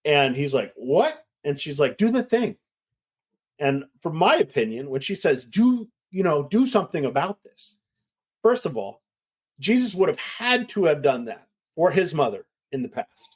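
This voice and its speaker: A middle-aged man, a winemaker, chatting casually and telling a lively story, acting out the voices of the people in it. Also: fairly high pitch, normal speed, breathy edge. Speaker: winemaker guest. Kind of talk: casual chat.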